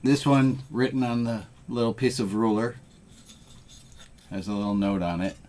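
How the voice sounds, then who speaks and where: Rabbi, male, low register, relaxed and self-mocking, cracks corny jokes mid-service. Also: normal speed. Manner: casual and self-deprecating, with bad dad jokes. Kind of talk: informal service announcements.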